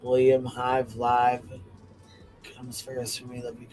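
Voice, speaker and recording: Man, panel guest, middle pitch, casual rambling, swears freely. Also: monotone, slow pace, darkish tone, soft background music, poor audio. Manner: loose, profane, rambling. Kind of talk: casual livestream chat.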